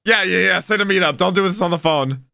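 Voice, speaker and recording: High-pitched and quick, with noticeable vocal fry, a young man comments on an anime episode as he watches. His reactions are emotional and excitable, and "bro" comes up constantly.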